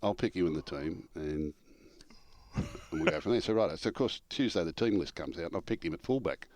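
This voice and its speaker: Low-pitched and brisk, this older man is a show regular and ex-coach spinning animated stories in casual conversation. He voices the quoted dialogue himself and laughs his way through the punchlines, with no room sound.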